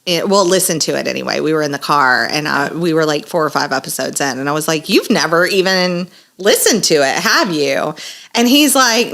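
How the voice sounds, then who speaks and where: A chatty woman tells stories on a casual podcast, laughing often and sounding slightly congested. Her voice sits on the lower side and carries a bright, forceful edge. She talks in an animated, storytelling way. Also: fairly quick, gravelly. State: sinus congestion. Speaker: podcast co-host, massage therapist. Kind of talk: casual chat.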